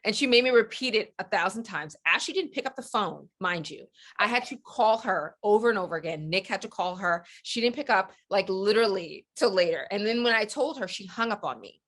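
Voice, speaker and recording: A woman on a book panel telling an animated story, acting out the voices of her friends and laughing often. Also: medium pitch, brisk, hardly any pauses. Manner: lively, acts out quoted voices, laughs often. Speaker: panelist author.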